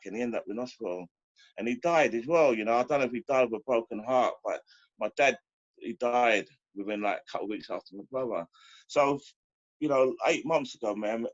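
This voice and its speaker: A man's voice: lowish voice, no room sound, lo-fi sound. A middle-aged man from London giving a heartfelt, rambling share at a recovery meeting, full of "you know" fillers.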